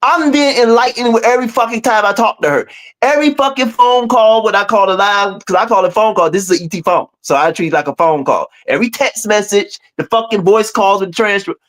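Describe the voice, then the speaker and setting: On a video call, a male guest tells his story briskly in an animated, profane way. He drops into low mutters and then jumps to high exclaims.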